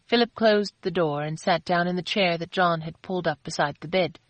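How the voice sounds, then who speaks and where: A woman with a low voice narrates an audiobook, her delivery steady and even. The recording is dry and close, with no room sound around her. She keeps a calm storytelling pace. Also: brisk, few pauses, no room sound. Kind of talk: scripted narration.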